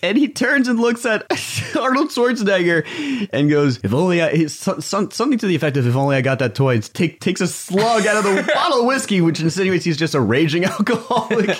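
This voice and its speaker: A man's voice: sits high, big pitch swings, a little fast, husky. A man co-hosting a casual movie review chat, retelling scenes playfully and laughing often. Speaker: podcast co-host.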